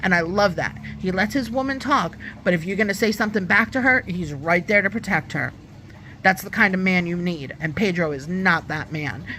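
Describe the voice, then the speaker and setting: Bright-voiced chatty woman reviewer. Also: mid-range voice, slight background noise. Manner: chatty and opinionated, acts out quotes. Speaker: YouTube reviewer. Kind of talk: casual reality-TV review.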